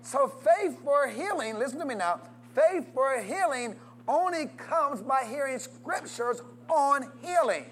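This preacher is animated and measured in pace, barely pausing as he keeps asking the congregation questions and urging them to say amen. His call-and-response delivery varies widely in pitch and volume, over a little hiss or hum.

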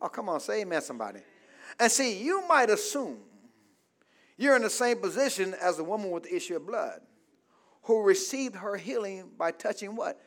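A man preaching a call-and-response sermon as pastor, calling for amens, prompting the congregation to fill in words and building to shouts. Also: sits high, very animated, moderate pace. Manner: preaching with calls of "say amen, somebody" and rising shouts. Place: church.

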